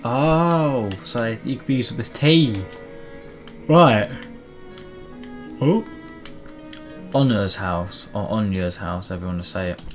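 Cheeky gaming commentator. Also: male voice, lowish voice, steady tone, unhurried, soft background music. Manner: casual, cheeky. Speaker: gaming host. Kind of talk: let's play commentary.

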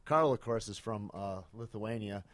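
A man's voice: on the low side, moderate pace. A man hosting a podcast in casual chat, laid-back and swearing freely. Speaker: podcast host.

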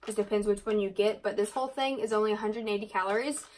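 A young woman chatting casually to her camera as a vlogger, quick and rambling, full of likes and ums. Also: mid-range voice, fairly even intonation, darkish tone.

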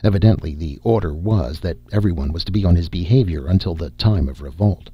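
A man narrating a science fiction audiobook in a steady, measured reading. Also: sits low, slightly rough, dry recording, lo-fi sound.

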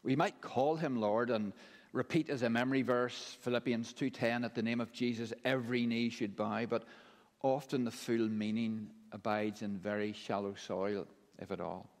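A man delivers a sermon at a middle pitch, slow and emphatic, pausing between phrases. His voice carries a long reverb, as if it fills a large church hall. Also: steady tone. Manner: measured, emphatic preaching with deliberate pauses. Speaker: preacher.

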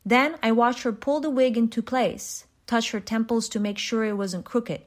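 A woman reading a short story aloud in an even, measured way, with small restarts. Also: fairly high pitch. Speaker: reader.

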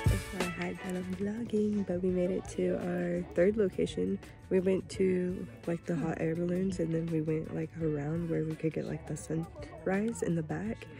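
A woman's voice: fairly low pitch, steady tone, normal speed, gravelly, warm tone. A young woman talking casually to the camera as a travel vlogger, gushing and chatty with lots of "like". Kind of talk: casual vlog chat to camera. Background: music.

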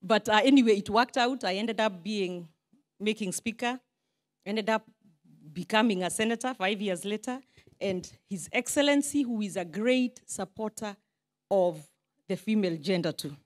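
A woman's voice: medium pitch, normal speed. A Kenyan woman in her forties giving an informal, self-deprecating speech to a crowd as a politician, with Swahili asides. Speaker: politician addressing a diaspora meeting.

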